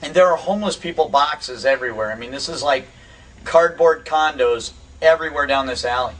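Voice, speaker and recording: Man, casual storyteller, bright tone, lively quick bursts, set back from mic. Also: a little high, distant mic, poor audio. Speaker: storyteller on a recovery radio show. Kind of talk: casual spoken anecdote.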